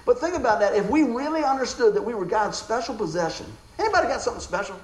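A middle-aged man preaching a sermon, telling stories in an animated way with frequent laughter. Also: very high voice, quick pace. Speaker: pastor. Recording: echoey room with faint background noise.

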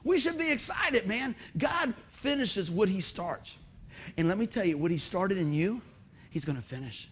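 A man preaching a sermon, animated and often laughing as he tells a funny personal story. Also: sits high, normal speed, a little hiss or hum. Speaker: preacher and musician.

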